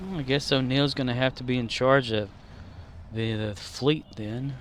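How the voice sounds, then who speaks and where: A man streaming a game, rambling to himself and now and then yelling at his squadmates. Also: mid-range voice, steady tone, moderate pace, slight background noise. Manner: rambling, talks to himself, shouts at teammates. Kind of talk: casual gameplay commentary.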